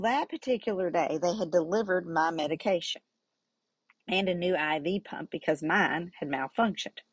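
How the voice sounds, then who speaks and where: A woman's voice: lowish voice, husky, no echo. A middle-aged woman hosting a podcast, telling a personal story in an earnest, faith-centered way. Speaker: podcast host.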